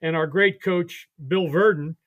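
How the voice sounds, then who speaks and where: An older man, a retired baseball coach, telling animated stories and acting out the voices of the people in them on a podcast. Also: a little high, measured pace. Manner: animated, laughing storyteller who acts out voices. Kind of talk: storytelling on a podcast.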